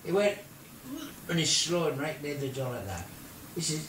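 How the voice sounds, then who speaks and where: An older man, a grandfather, telling a silly made-up story in an animated way, with squeaky put-on voices for the people in it. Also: brisk, a little hiss or hum. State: ill. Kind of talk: playful bedtime-style storytelling. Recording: roomy home video from a distance.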